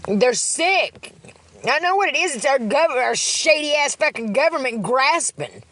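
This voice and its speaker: A woman's voice: high voice, big pitch swings, unhurried, a bit bright, slight background noise. A woman ranting angrily on a phone livestream, heated, profane and repetitive. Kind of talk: angry livestream rant.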